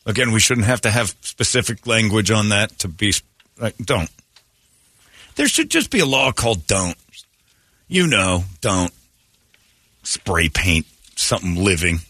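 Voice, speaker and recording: A male morning radio host riffing with sarcastic, animated banter, his pitch swinging widely. The tone is bright and forward, dry and close on a studio mic. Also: unhurried, long pauses, husky, no room sound.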